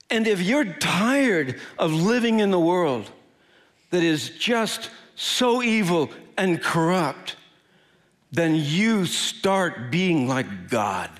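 A high-voiced man from the Midwest preaching with a lively, swooping delivery. He tells his story slowly and with laughter, and he acts out each person in it. His tone is warm and personal. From American Midwest. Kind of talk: storytelling sermon.

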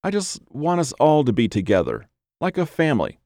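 A man's voice: on the high side, huge pitch swings, fairly quick, dark tone, no room sound, studio quality, pitched above the performer's own voice. A man voicing an easygoing young man who loves his dog, talking in a soothing, laughing way. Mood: amused, soothing.

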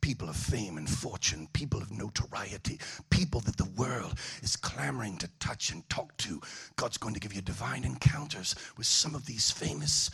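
Solemn old bishop prophesying, low booming voice, slow grave delivery, put on by a man, husky. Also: animated, fairly bright tone, exaggerated voice. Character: deep-voiced older male bishop prophesying.

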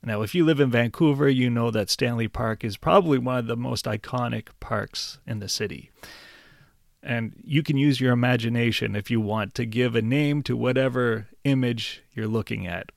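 Creaky-voiced man teaching exam tips. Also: mid-range voice, normal speed, dry recording, studio quality. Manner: patient, encouraging, speaks straight to the viewer with questions. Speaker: language test teacher. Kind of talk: instructional explainer.

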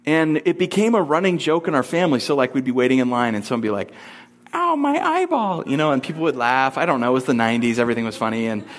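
A man in his thirties preaching a sermon, telling a family story casually and breaking into high, squeaky voice impressions. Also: rapid-fire, few pauses.

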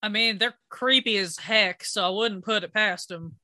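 A woman's voice: medium pitch, moderate pace, pushed and bright, no echo, clean studio sound. A woman playing in a tabletop game, wry and blunt in casual chat. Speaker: player.

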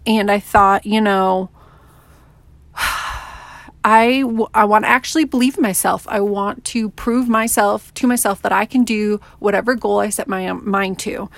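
A woman in her thirties hosts her own podcast and speaks candidly and conversationally, leaning on filler words. Her voice has a gravelly fry at a middling pitch. The recording is dry and close. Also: fairly even intonation, measured pace, no echo. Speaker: podcast host. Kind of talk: personal podcast monologue.

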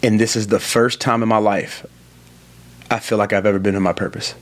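A man's voice: fairly low pitch, steady tone, a little fast. A man in his forties, a pastor, answering interview questions in an earnest, storytelling way that builds to emphatic moments. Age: 40s. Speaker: pastor and podcast guest. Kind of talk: conversational interview, preacherly storytelling.

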